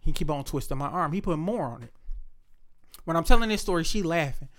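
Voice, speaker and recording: A man telling a personal story in a casual chat, blunt and profane, retelling events with animated, acted-out quotes. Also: on the high side, brisk.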